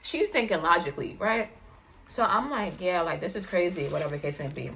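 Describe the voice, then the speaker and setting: Animated young woman telling a story. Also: brisk, vocal fry, slight background noise, rough recording. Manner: animated, slangy, acts out quotes in higher voice. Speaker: vlogger telling a personal story. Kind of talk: casual storytime chat.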